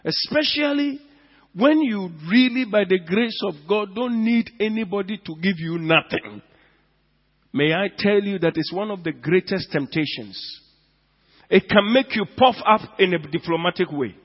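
High-voiced preacher in an echoing hall. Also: male voice, animated, measured pace. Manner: swings from hushed to loud, drawing out words for emphasis. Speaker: pastor. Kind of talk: sermon. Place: church. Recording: dull lo-fi sound with long hall reverb.

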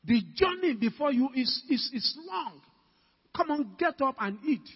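A man with a Ghanaian English accent preaching a sermon, calling out to the congregation with emphatic questions and rising to shouts. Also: extremely high pitch, expressive, a little slow. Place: church hall. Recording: dull, reverberant church hall recording.

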